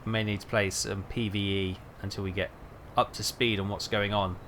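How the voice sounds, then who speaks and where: A man's voice: lowish voice, flat delivery, fairly quick, a bit bright, slight background noise. A man streaming a trucking game, rambling and thinking aloud with lots of fillers. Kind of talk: casual gameplay chat.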